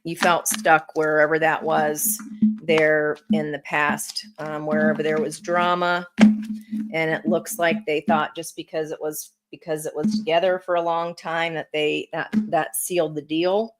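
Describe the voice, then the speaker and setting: Woman, tarot reader, casual and encouraging, unhurried delivery, slightly low pitch. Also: level tone, a little hiss or hum, low-quality recording. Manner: chatty, encouraging, addresses viewers directly.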